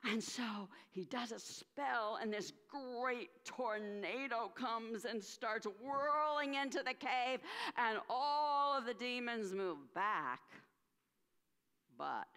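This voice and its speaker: A woman minister telling a story during a church service, animated, with dramatic pauses and acted voices. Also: fairly high pitch, smooth. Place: church sanctuary. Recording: reverberant church sanctuary.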